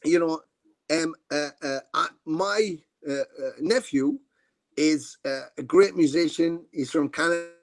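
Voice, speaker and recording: A middle-aged man tells long, rambling stories in a casual interview, with a slightly high voice and a very dry sound. He fills gaps with "uh" and "you know" and swears casually, speaking over a video call. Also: unhurried, no room sound. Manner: rambling anecdotes, frequent fillers and casual swearing. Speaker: guest musician.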